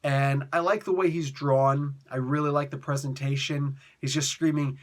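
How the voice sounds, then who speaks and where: A man's voice: on the high side, fairly even intonation, moderate pace, hardly any pauses. A man giving a casual, rambling comic book review, full of fillers, restarts and exasperated asides.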